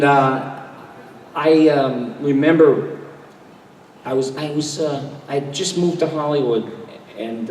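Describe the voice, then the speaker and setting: An older man, a voice actor on a convention panel, telling animated anecdotes and slipping into quoted voices. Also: mid-range voice, a little hiss or hum. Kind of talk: storytelling at a fan panel. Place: large convention hall. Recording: echoey convention hall mic from a distance.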